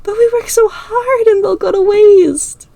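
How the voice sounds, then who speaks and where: A woman voicing a cheerful, sensitive teenage girl classmate in an audiobook, eager and high-pitched. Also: big pitch swings, fairly quick, warm tone, no echo, exaggerated voice. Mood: tearful.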